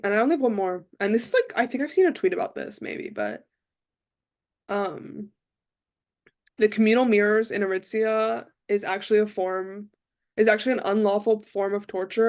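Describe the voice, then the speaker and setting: A young woman co-hosting a podcast, talking in a rambling, deadpan way with lots of fillers. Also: mid-range voice. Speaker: podcast co-host. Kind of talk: casual chat.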